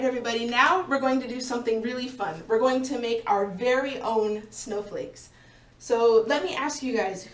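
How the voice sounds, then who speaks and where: A woman teaching a vocabulary lesson to a class of young learners, speaking slowly and clearly and encouraging them as they go. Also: high-pitched. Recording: echoey room, voice from a distance.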